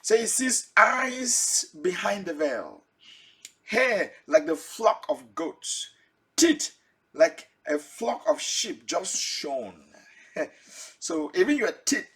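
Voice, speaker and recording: A man's voice: fairly high pitch, very animated, takes it slowly, fairly bright tone, husky. A man preaching a Bible teaching sermon, asking his listeners direct questions and chuckling now and then.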